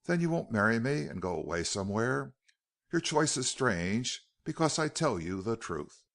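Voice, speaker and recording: A male narrator voicing a bitter, mocking outlaw leader who talks low and hard in an audiobook. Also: sing-song, normal speed, vocal fry, a bit bright.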